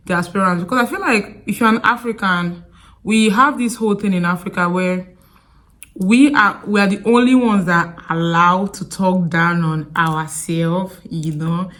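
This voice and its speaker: A woman's voice: fairly low pitch, unhurried. A woman with a Nigerian accent telling stories in a sit-down vlog, chatty and prone to digressions. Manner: chatty, digressive, animated storytelling. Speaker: vlogger.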